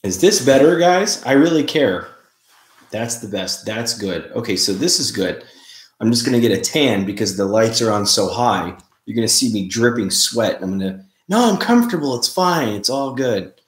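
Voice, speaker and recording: A man hosting a casual live stream, chatting in a relaxed way and greeting viewers by name. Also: on the low side, normal speed. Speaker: livestream host. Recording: roomy, echoey room sound.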